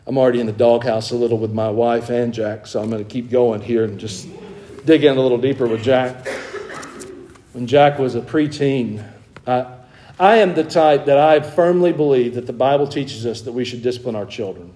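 A man's voice: medium pitch, moderate pace, warm tone, a little hiss or hum. A middle-aged man preaching a sermon as pastor, talking conversationally, with self-deprecating humor and emphatic exhortations.

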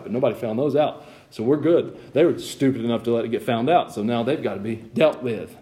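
Preacher, man, sinus-strained squeaky creaky voice, folksy asides, rising to loud emphatic peaks. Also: brisk, few pauses. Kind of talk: sermon.

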